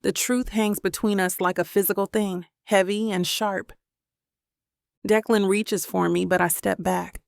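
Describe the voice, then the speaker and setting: A woman reads a first-person romance audiobook in a calm, even storytelling manner. Her voice has a gravelly fry at mid pitch. The recording is dry and close. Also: a little slow, no echo. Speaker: audiobook narrator.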